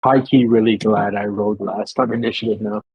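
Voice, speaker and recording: A man's voice: on the low side, fairly even intonation, fairly quick, darkish tone, breathy edge, dry recording, muffled recording. A man playing a tabletop game, nervous and filling his talk with "like". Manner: nervous, says "like" often. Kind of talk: casual game chat.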